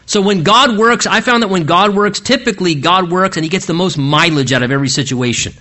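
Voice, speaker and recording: An earnest man delivering an expository sermon, his voice sitting a little high for a man. He walks through scripture verse by verse, stopping to explain each line and often restarting or repeating words mid-thought. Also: brisk, sharp tone. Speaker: pastor.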